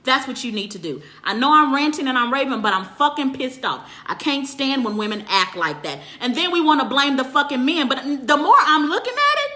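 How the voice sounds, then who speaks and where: A woman's voice: sits high, big pitch swings, brisk, few pauses, sharp tone. A woman counselor delivering a profane, emphatic rant to her viewers and answering their comments. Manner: profane and emphatic, swears constantly. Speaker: relationship counselor. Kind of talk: ranting monologue to viewers.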